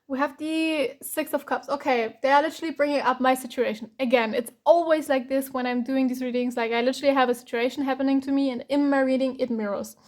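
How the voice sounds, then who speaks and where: A woman from Germany, giving a chatty, rambling tarot reading full of fillers and restarts. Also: sits high. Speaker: tarot reader.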